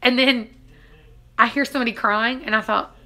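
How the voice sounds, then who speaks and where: A woman's voice: fairly high pitch, fairly even intonation, moderate pace, pushed and bright. A woman vlogger casually retelling a dramatic personal story, laughing now and then between lines. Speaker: family homestead vlogger.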